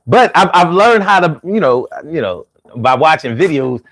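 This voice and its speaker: A man's voice: on the high side, moderate pace. A man with a Philadelphia accent hosting a casual live stream, talking loosely and drawing his words out when he jokes. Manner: loose and animated, drawls words out when joking.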